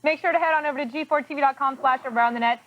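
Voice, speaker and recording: Woman co-host with a high voice, chatty and teasing, slightly dull sound, music under. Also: very fast. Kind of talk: casual broadcast banter and segment reading.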